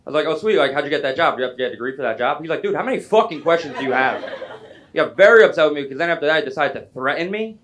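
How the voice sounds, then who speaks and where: Fast-talking young male stand-up comic. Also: a little high. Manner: chatty, self-deprecating, quick asides to the crowd. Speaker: stand-up comedian. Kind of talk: stand-up comedy set. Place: music club stage.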